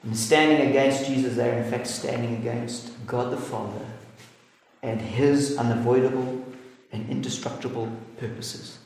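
A man preaching a sermon, earnest and emphatic, and he slows down to stress his points. His voice rings through a very echoey hall with a long reverb tail. A faint hiss sits under the recording. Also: medium pitch, steady tone, a little mellow.

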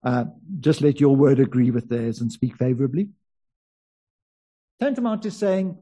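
A man with a South African accent preaching a conversational sermon, slowing down on key words. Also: medium pitch, big pitch swings, warm tone, breathy edge. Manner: conversational, varies emphasis, stretches key words.

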